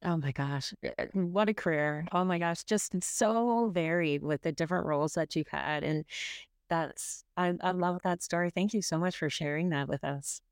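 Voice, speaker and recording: Woman podcast host, low voice, gushing reactions, dry close sound. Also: normal speed, no room sound. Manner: effusive, short reactions. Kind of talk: interview.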